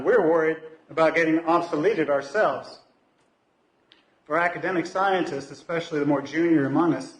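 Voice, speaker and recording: Hesitant, chatty man in an echoey church. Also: fairly high pitch. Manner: conversational, hesitant, many fillers and restarts. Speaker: lay speaker at a church service. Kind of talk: informal talk from the pulpit. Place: church sanctuary.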